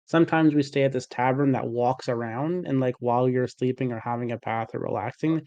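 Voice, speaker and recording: A man's voice: a little fast, mellow, dry recording, muffled recording. A man playing a tabletop game, talking in character in a rambling, playful way like a company boss. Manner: rambling, playful pitch as a self-styled CEO. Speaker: player.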